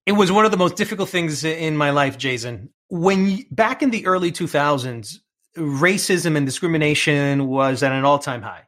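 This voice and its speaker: A man's voice: fairly high pitch, animated, moderate pace, fairly bright tone. A middle-aged man with a New York accent, telling his career story as an interview guest, earnest and prone to repeating words as he starts a thought. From New York, United States. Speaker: TV presenter and film critic as interview guest.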